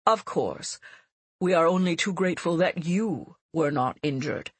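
A woman's voice: on the low side, animated, a little slow, husky, no room sound. Woman doing a nasal, uneasy prime minister. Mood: placating.

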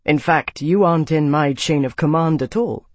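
A man reading an audiobook, voicing a calm young captain who answers with dry, ironic authority. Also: a little high, moderate pace, dry recording, close to an everyday voice. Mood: sardonic.

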